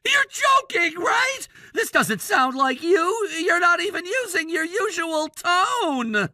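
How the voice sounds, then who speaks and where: A woman voicing a shouting teenage son. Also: very high voice, lively intonation, slow, no echo, studio quality, heavily acted. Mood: panicked pleading. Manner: shouting, demanding, then tearful and pleading. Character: bratty teenage boy, high schooler, defiant then pleading.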